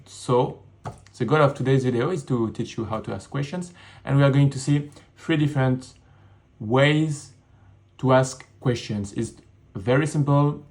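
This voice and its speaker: Male teacher, slow and deliberate, beginner lesson from a home studio. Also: mid-range voice, a little mellow. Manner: slow, repeats words in English and French. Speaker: French teacher.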